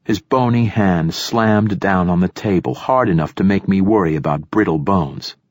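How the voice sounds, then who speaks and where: A man reading a first-person novel aloud as an audiobook narrator, in a dry, measured way. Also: low-pitched, darkish tone, no echo.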